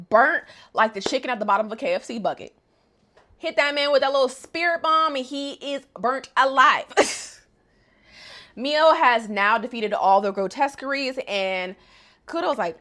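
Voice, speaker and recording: A woman's voice: mid-range voice, fairly bright tone. A young woman casually recapping an anime episode, chatty, slangy and joking.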